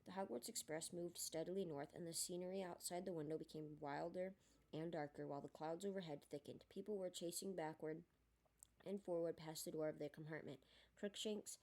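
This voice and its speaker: Low-voiced woman reading a storybook. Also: a little fast. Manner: steady with small slips and restarts. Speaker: audiobook reader. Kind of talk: storybook narration.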